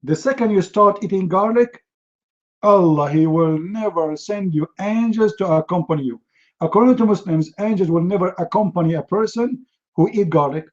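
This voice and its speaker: A man's voice: high voice, moderate pace, muffled recording. A man giving a humorous talk, telling stories in a mocking, sarcastic way. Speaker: speaker.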